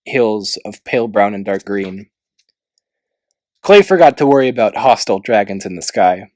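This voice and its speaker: A man narrating a children's fantasy novel aloud in a steady, plain reading style with small slips. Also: mid-range voice, dry recording. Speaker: amateur audiobook reader. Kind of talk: storybook narration.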